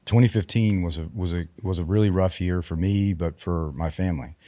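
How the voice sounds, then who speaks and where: In a dry recording, a military veteran in his forties appears as a podcast guest and shares his personal story. He speaks haltingly and in a subdued way, often restarting, with a low-pitched, mellow voice.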